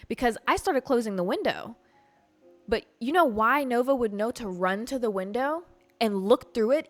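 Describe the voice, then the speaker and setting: A woman hosting a podcast, telling a story in a casual, animated, profane way. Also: a little high. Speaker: podcast host.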